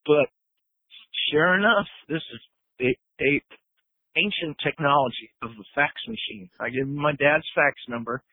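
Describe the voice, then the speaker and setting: A man's voice: on the high side, expressive, normal speed, creaky, slightly rough, no room sound. Man on a tinny phone line. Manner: swearing, laughing, acts out quotes. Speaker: guest musician. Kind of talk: animated storytelling.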